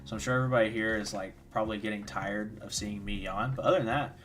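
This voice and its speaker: A tired young man with a fairly low, quick, slightly bright voice hosts a watchalong stream. Yawning as he goes, he rambles casually, full of fillers, answering chat and commentating on games.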